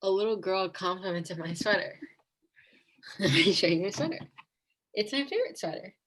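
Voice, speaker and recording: A woman's voice: mid-range voice, animated, normal speed, a bit bright, slightly rough, low-quality recording. A young woman telling a rambling storytime over a video call, packed with "like" and giggles. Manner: rambling, fillers like "like" a lot, giggly. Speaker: vlogger. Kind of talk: casual storytime.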